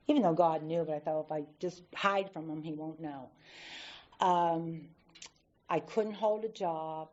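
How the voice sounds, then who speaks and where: Woman, low-ish voice, candid recovery talk at a podium, dull lo-fi recording. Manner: candid, animated storytelling with acted-out quotes. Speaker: AA speaker.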